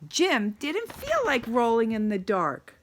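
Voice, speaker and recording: Animated woman reading a picture book. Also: fairly high pitch, slow pace. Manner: animated, asks young listeners questions. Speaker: teacher reading aloud to children. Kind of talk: children's picture book read-aloud.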